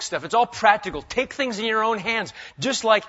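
A man's voice: high-pitched, lively intonation, moderate pace, hardly any pauses, pushed and bright, muffled recording. A man preaching an expository sermon in a conversational way, with joking asides. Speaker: pastor.

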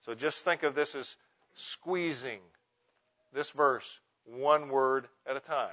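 A man preaching a teaching sermon to pastors, emphatic, slowing down and stressing single words. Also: medium pitch, sharp tone. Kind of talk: sermon teaching on Bible meditation. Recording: muffled lo-fi sound.

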